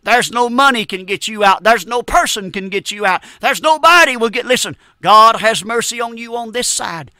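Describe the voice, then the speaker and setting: High, bright-voiced preacher. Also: male voice, expressive, normal speed, hardly any pauses, no room sound, studio quality. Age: 50s. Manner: emphatic and repetitive, addressing listeners as friend. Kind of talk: fervent radio sermon.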